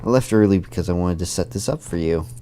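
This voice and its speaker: A man's voice: low-pitched, fast talker, dark tone, close to an everyday voice. A man reading a cheerful schoolgirl friend. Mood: encouraging. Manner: upbeat, encouraging, read aloud from game text. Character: cheerful supportive young female schoolgirl friend. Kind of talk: reading visual novel dialogue.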